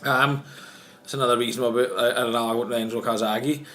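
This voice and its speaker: A man's voice: medium pitch, steady tone, fast talker, a bit bright, slight background noise. A man, a former boxer, chatting casually on a podcast, rambling and swearing with frequent restarts. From Wales. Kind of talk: casual chat.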